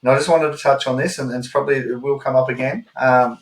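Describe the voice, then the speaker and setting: An Australian man in casual podcast chat tells a long yarn, wandering into asides and dropping swear words without a second thought. His voice sits at an everyday middle pitch. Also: steady tone, fast, rough recording. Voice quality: swears freely and talks in loose rambling asides. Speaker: podcast co-host.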